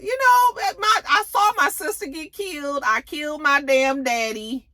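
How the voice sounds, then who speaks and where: A woman's voice: high-pitched, unhurried, sharp tone, no room sound, pitched above the performer's own voice. A woman putting on the voice of a brash, defiant young man who shrugs off death. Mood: dismissive. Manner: cocky, dismissive.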